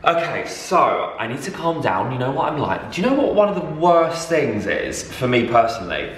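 A young man vlogging a DIY project, loud, excitable and over the top. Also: mid-range voice, normal speed, reverberant, slight background noise. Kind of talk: chatty DIY vlog.

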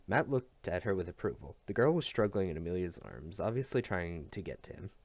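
Deep-voiced man reading a novel aloud. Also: brisk, no room sound. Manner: expressive storytelling. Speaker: audiobook reader. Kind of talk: scripted narration. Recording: dull dry recording.

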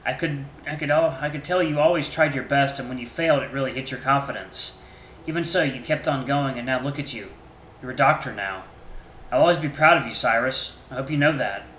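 A man voicing a loving mother reading out her farewell letter to her grown son, gentle and heartfelt, in a game. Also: medium pitch, a little fast, slight background noise, lightly acted. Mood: tender. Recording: roomy echo.

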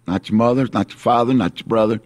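A man preaching a sermon as pastor, earnest and repetitive, slowing down on key phrases. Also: medium pitch, a little mellow, no room sound.

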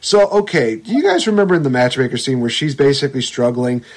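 Talking fast in a mid-range voice, this young podcast co-host launches into an animated, profane rant about a movie. He swears freely and quotes the characters in a mocking voice throughout the casual chat.

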